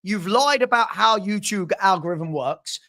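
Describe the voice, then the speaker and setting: A man's voice: high-pitched, lively intonation, unhurried, sharp tone. A man hosting a fan chat show, venting in frustration, repeating himself with stammering restarts. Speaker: fan channel host. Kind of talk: heated live chat.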